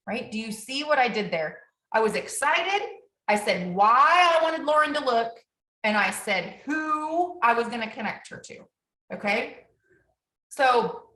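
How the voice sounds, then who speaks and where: Upbeat woman coaching in an echoey room. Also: a little high. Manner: upbeat, energetic, ends points with tag questions. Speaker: business team trainer. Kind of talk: coaching talk to a team.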